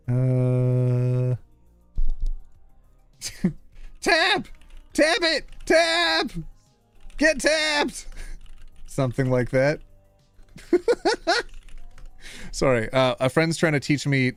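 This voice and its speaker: A male streamer chats with his live audience in a playful, teasing manner, his pitch swinging widely from low mutters to high exclamations. The sound is dry and close, with light music faint underneath. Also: no echo. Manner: playful, animated, teasing, reading chat aloud. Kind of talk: casual live-stream chat.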